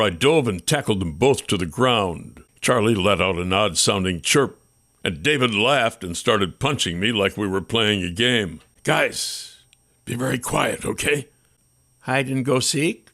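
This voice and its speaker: A man with a low voice reads a first-person audiobook. His pitch rises and falls freely as he builds the suspense of the story. His storytelling is expressive and tense. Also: normal speed, no room sound, studio quality. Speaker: audiobook narrator.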